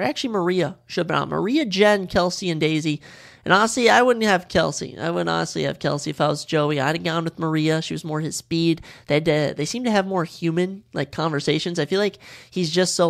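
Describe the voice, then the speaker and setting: Chatty young man with a gravelly edge. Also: fairly high pitch. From Minnesota. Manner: chatty, opinionated, repeats phrases for emphasis. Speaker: podcast host. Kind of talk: casual solo podcast chat.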